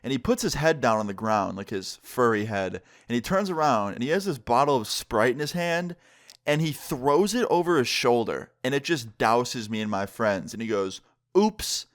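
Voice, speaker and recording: A young man telling a casual story time on his vlog, with animated, emphatic delivery and lots of fillers. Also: medium pitch, normal speed. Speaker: YouTuber.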